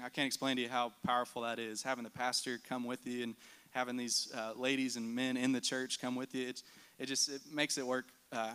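A man's voice: medium pitch, a bit bright, clear, resonant tone. A man giving a church mission report as an earnest storyteller. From United States. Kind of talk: church testimony talk.

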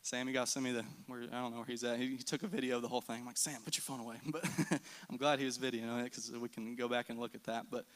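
A man's voice: mid-range voice, level tone, quick pace. A man giving a church mission report as an earnest storyteller. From United States. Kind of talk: church testimony talk.

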